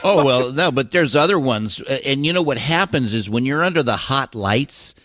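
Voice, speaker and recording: An older man, a guest on a podcast, telling animated, rambling stories with many restarts. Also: medium pitch, moderate pace, no room sound, clean studio sound. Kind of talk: casual storytelling interview.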